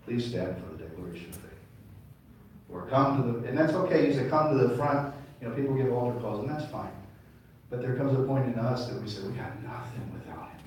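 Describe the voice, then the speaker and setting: A man's voice: medium pitch, expressive, a little fast. A man preaching to a congregation, tossing questions out to the room and leading them in responses. His voice comes from some distance off the mic and rings through a very echoey hall. A faint room hum stays underneath. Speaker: pastor. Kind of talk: sermon. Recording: echoey room mic'd from afar.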